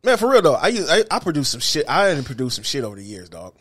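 A man's voice: on the high side, fast talker, breathy edge. A middle-aged man co-hosting a podcast, telling stories in casual chat, profane and full of filler. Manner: animated, profane storytelling with lots of filler. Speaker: podcast co-host.

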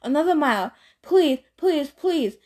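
A woman's voice: high-pitched, expressive, measured pace, darkish tone, voice pushed up. A woman reading aloud and voicing a frightened mother urging her son to run, tense and insistent. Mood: urgent. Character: fearful, protective mother.

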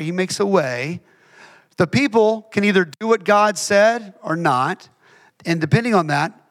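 A man's voice: high voice, a bit bright. A man preaching a sermon in a conversational, emphatic way, repeating phrases for effect.

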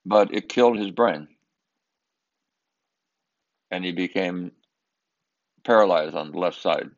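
A man's voice: low-pitched, highs cut off. An older man from Southern California telling a personal family story in an earnest, emphatic way, sometimes repeating himself as he searches for words. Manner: earnest, emphatic, with halting repetitions.

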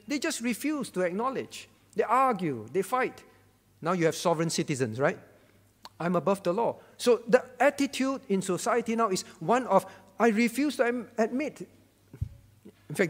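A man's voice: high-pitched, in a large hall. A man preaching a sermon as pastor, emphatic, repeating his key phrases and putting questions to the congregation. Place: church.

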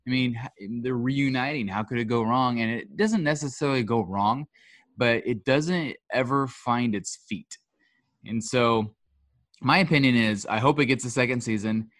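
A man co-hosts a casual podcast, musing through his opinions in a loose, rambling way. His voice sits at an ordinary pitch. The sound is dry, close and free of room echo. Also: moderate pace. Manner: relaxed, rambling opinions with fillers. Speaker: podcast co-host. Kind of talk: casual chat.

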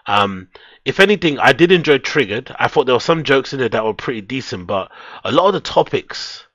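A man's voice: mid-range voice, very animated, fairly quick, fairly bright tone, no room sound. Laid-back streamer, swears a lot, chats to his viewers over a dull, dry, lo-fi headset mic. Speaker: live streamer. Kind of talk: casual live-stream chat. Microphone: headset microphone.

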